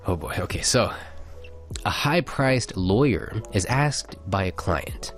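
A man's voice: fairly low pitch, big pitch swings, slow pace, faint music behind. A man co-hosting a casual radio chat, reading listener messages and jokes aloud in a laid-back way. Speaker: radio show co-host.

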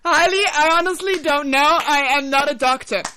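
A woman's voice: high voice, normal speed, shouting, very noisy. A woman hosting a casual radio chat show from a studio, teasing her co-host and laughing often.

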